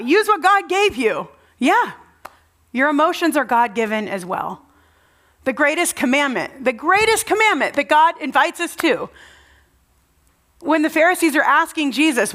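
A young woman preaching a sermon, telling the story earnestly and dropping to a soft, low voice at tender moments.

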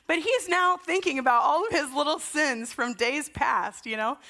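A woman's voice: sits high, normal speed. A woman in her thirties, a pastor giving a conversational sermon and telling stories from home with casual fillers. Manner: warm anecdotal storytelling with casual fillers.

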